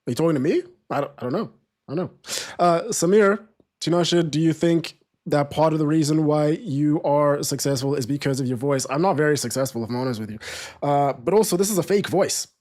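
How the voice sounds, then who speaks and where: Guy streaming a football watchalong, kinda high voice, rambly and self-deprecating, lots of ums. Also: brisk, a little mellow. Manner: rambling, self-deprecating, frequent restarts and fillers. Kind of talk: casual live-stream chat.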